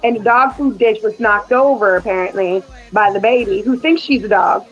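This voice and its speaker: A woman's voice: medium pitch, moderate pace, slightly rough, highs cut off, soft background music. A woman hosting a casual chat show, telling stories about her young son and acting out what he said. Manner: animated, acts out her son's quotes. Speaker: podcast host.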